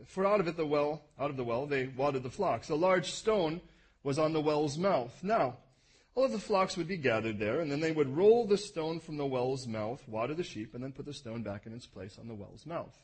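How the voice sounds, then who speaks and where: A man with a husky, somewhat high voice reads scripture to his congregation. He is animated and stops often for asides and corrections. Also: normal speed, low-quality recording. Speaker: preacher. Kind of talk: reading scripture aloud to a congregation.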